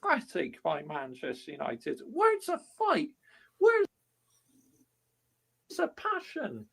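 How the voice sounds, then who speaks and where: A man rants about his football team in a high, strained voice that leaps up and down as he shouts. He swears constantly and sounds furious throughout the vlog. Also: huge pitch swings, slow pace, gravelly, breathy edge. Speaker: football fan vlogger. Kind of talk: angry fan rant to camera.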